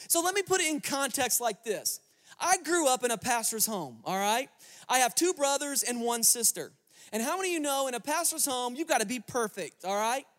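High-voiced male pastor telling a story. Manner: lively storyteller, joking asides to the congregation. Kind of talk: sermon with storytelling. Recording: long reverb of a large hall.

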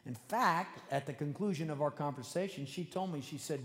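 A man with a somewhat high voice delivers a sermon in a conversational, earnest way, now and then speeding up for animated asides. His voice carries a long reverb from a large hall where he speaks before a congregation. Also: brisk, hardly any pauses. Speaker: preacher.

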